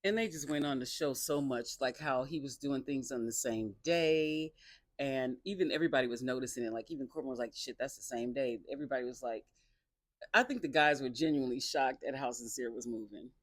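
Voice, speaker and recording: A woman casually recapping a dating reality show, talking in an animated, sassy and exasperated way. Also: extremely low pitch, a little fast, no room sound, studio quality.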